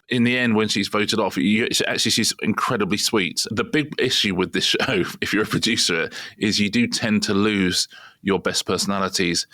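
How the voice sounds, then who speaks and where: A British man with a deep voice talks through his views in relaxed podcast chat. The sound is close and dry, with no room around it, and he rambles in an opinionated way. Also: a little fast, gravelly, no echo. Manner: opinionated, discursive. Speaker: podcast co-host. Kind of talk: casual chat.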